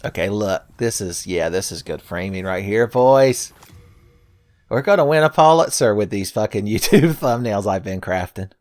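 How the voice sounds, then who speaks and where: A man's voice: fairly low pitch, lively intonation, normal speed, darkish tone, no echo, studio quality. A man narrating a Let's Play, sarcastic and profane, with frequent jokes aimed at his viewers. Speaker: gameplay commentator.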